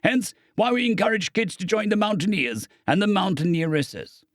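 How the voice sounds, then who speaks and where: A man narrating an audiobook, voicing a sturdy, patient older father who explains things calmly. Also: high-pitched, moderate pace, no echo, clean studio sound, pitched above the performer's own voice, natural voice.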